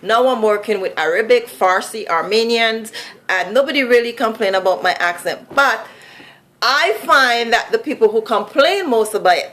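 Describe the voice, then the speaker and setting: A woman's voice: on the high side, animated, normal speed, fairly bright tone. A woman from Saint Vincent with a Vincentian accent, telling a personal story in a casual, chatty way full of fillers. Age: adult. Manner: chatty, many "like" and "you know" fillers.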